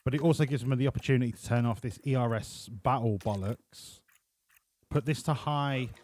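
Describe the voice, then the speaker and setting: A man's voice: medium pitch, moderate pace, darkish tone. A man streaming a racing management game, chatting sarcastically and swearing with his viewers. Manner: sarcastic, sweary banter with chat. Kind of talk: casual live-stream commentary.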